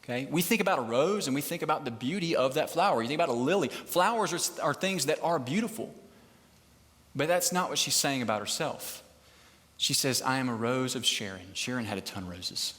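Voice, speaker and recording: A man's voice: a little high, expressive, brisk, a bit bright. A man preaching a casual, conversational sermon to a live crowd, chatty and joking, often checking in with the listeners. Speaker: pastor. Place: large hall, live service. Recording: long hall reverb.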